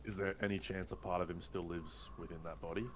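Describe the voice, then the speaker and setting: A man's voice: low-pitched, level tone, fast, slight background noise. A man playing a tabletop role-playing game, asking earnest, probing questions in and out of character. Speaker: player.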